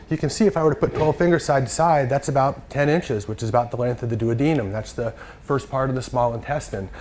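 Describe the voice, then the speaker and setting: A man giving a lecture from slides, halting and full of fillers and restarts. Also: mid-range voice, darkish tone, a little hiss or hum.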